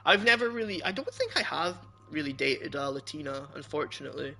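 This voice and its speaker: Young Scottish streamer, fairly high, gravelly voice, loose rambling chat to viewers. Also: male voice, animated, fairly quick, pushed and bright. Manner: rambling, loose and laughing often, chatting to viewers. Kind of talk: casual chat while streaming a game.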